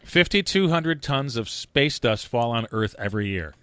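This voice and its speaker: A man's voice: mid-range voice, expressive, normal speed, fairly bright tone. A middle-aged man hosting a radio show, chatting casually and telling stories with frequent laughter. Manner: chatty, storytelling, laughs often. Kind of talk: casual banter on air.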